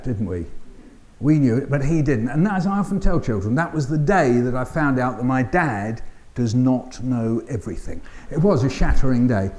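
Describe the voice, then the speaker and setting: An older man with a London accent, giving a keynote talk as an animated storyteller who acts out voices and sounds with dry humour. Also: medium pitch. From England. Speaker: keynote speaker. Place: conference hall.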